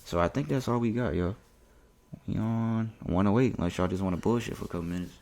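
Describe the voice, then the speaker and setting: A man's voice: lowish voice, fast talker, creaky, a little mellow. A young man co-hosting a podcast, telling stories in casual chat, swearing a lot and acting out the quotes. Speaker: podcast co-host.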